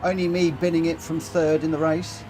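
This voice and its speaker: A man's voice: fairly high pitch, level tone, moderate pace, a little mellow, a little hiss or hum. A man live-streaming a racing game, chatting casually and poking fun at his own mistakes. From United Kingdom. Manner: self-deprecating, chatty, talks to himself while racing. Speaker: gaming streamer. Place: home gaming setup, indoors.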